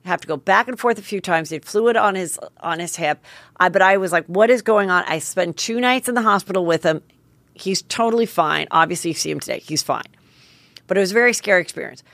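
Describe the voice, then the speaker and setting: A woman's voice: fairly low pitch, fast, creaky, fairly bright tone, no echo. Chatty, swearing middle-aged woman host. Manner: chatty, candid, profane, self-mocking. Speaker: podcast host. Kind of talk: casual storytelling monologue.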